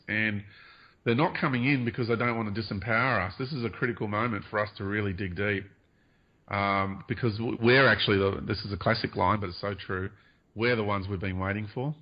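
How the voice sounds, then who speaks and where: A man with a low voice talks in an earnest, meandering way, hedging his claims and filling pauses with ums. The sound is dull and lo-fi, like an old radio recording. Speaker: guest. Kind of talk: spiritual interview talk.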